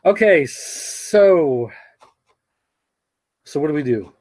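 A man's voice: fairly high pitch, animated, extremely slow, darkish tone, no echo. A man producing a podcast, chatting casually on a livestream from a small control booth, rambling with many ums. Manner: rambling, with many fillers and restarts.

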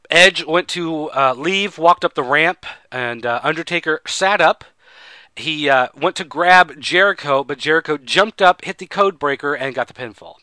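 A man hosting a podcast, rambling through a relaxed, conversational wrestling recap. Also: medium pitch, no room sound. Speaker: podcast host. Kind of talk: casual chat recapping wrestling.

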